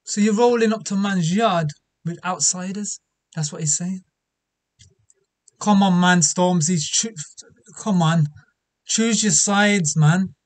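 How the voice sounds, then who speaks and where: High-voiced guy reacting to a track, slangy, hyped, dry close sound. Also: no echo. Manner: excitable, slangy, quick bursts of exclamation. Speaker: reaction video host. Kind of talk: casual music reaction commentary.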